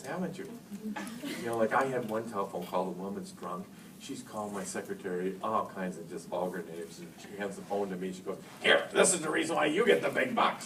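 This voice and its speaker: Fifty-something guy doing a funny workshop talk for teachers, acts out the calls, far off mic, echoey room, hiss behind. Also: mid-range voice. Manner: animated, joking, acts out phone calls. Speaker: speaker at an education workshop. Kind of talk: lively storytelling talk to an audience. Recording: roomy hall, speaker far from mic, noisy.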